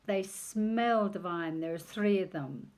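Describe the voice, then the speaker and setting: Slow, chatty older woman reading aloud. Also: mid-range voice, a little mellow. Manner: chatty, digressive, pausing to comment on pictures. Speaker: reader of a picture book. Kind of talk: reading a picture book aloud on video.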